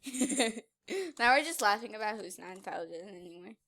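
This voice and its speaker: A woman giving casual, playful gameplay commentary, giggling and teasing, swinging between loud outbursts and quiet asides. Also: medium pitch, animated, fast talker. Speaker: gaming YouTuber.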